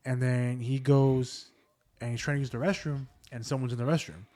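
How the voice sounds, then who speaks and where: The man hosting this podcast has a warm, medium-pitched voice with fairly even intonation and a moderate pace. He chats casually about family ghost stories, wandering along with many fillers.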